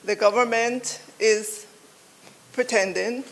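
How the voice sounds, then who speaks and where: Indignant minister raising a point of order. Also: male voice, sits high, steady tone, gravelly, a bit bright, poor audio. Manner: indignant, deliberate, insistent. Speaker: government minister in parliament. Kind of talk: point of order in a parliamentary debate.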